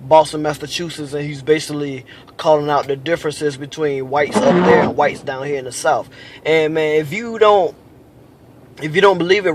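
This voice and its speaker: Cab driver guy talking it over, steady and filler-heavy, slightly high voice, bit of road noise. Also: poor audio. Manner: measured, summing up, filler-heavy. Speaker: taxi driver recording the show. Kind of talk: commentary on a recorded chat. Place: inside his taxi cab.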